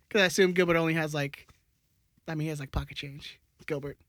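A man with a high voice jokes and teases his way through a casual podcast chat. His tone is bright and forward. He is recorded close and dry on a studio mic. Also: fairly even intonation, normal speed, no echo. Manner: teasing, joking. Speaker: podcast co-host.

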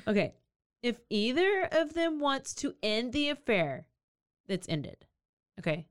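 A woman's voice: a little high, a little slow, dry recording, clean studio sound. A woman co-hosting a podcast, telling a true-crime story casually and acting out the people in it. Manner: animated, acts out characters with big swings in voice. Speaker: podcast co-host.

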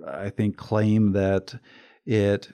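A man co-hosting a podcast, explaining a point in a measured, cautious way. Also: fairly low pitch, little pitch movement, dark tone, clean tone. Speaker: podcast co-host. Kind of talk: casual podcast discussion.

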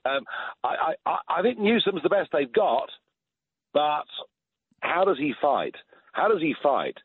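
A man's voice: fairly high pitch, big pitch swings, unhurried, breathy edge. A British man in his sixties giving emphatic political opinions in a radio interview, chuckling and repeating words. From England. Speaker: phone-in political guest. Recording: tinny phone line.

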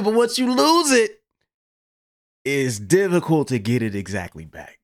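A man hosting a podcast, telling a story in a casual, animated, profane way. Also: on the high side, a little slow, dry recording, clean studio sound. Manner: animated, profane, laughs through his story. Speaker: podcast host.

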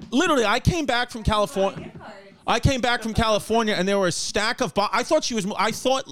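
A man hosting a casual comedic podcast from his apartment, rambling and joking in an animated way. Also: high voice, no echo. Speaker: podcast host. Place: home apartment.

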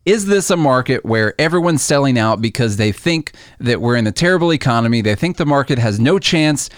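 A man's voice: medium pitch, animated, a little fast, no echo. Man explaining the markets in a dry voice. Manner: explanatory, uses everyday comparisons. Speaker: co-host explaining the stock market. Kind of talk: casual podcast chat.

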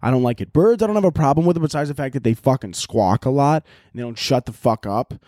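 A man talking through his solo podcast in loose, rambling chat, swearing freely and poking fun at himself. His voice sits in a middle register, and the recording is dry and close with no room sound. He breaks into loud, exaggerated voices when he acts out little scenes. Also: mid-range voice, quick pace, no echo. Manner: profane, rambling and self-mocking. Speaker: podcast host.

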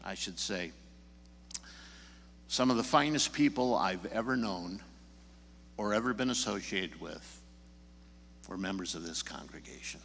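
A man's voice: low voice, expressive, unhurried, gravelly, long pauses, fairly bright tone, in a large hall, slight background noise. A man from the Chicago area preaching a sermon, telling stories and pressing the congregation with emphatic questions. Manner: storytelling, rising emphatic questions. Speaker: pastor. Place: church sanctuary.

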